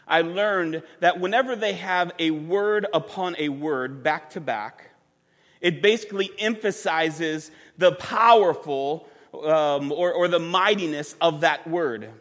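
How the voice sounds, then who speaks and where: Male pastor, high-pitched, unhurried and emphatic, repeats for stress; long hall reverb. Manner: emphatic, repeats words for stress, rises to near-shouts. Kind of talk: sermon. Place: church sanctuary with a band.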